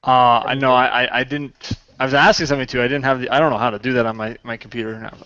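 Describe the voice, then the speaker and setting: A man's voice: medium pitch, steady tone, racing, pushed and bright, dry recording. A man rambling in a self-deprecating way during a casual chat. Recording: dry, lo-fi webcam audio.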